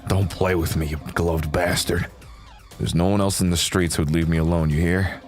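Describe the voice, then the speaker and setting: A man voicing a brash, cocky young male gang leader in his twenties, shouting and swaggering in a wobbly put-on Southern drawl. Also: low voice, fairly even intonation, moderate pace, faint music behind, close to an everyday voice. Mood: boastful, threatening. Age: 20s.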